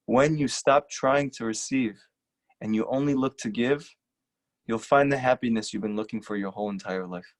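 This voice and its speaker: A rabbi giving an earnest, emphatic lecture and repeating short lines for stress. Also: male voice, mid-range voice, moderate pace. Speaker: rabbi teaching a class. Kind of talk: earnest sermon-style lecture.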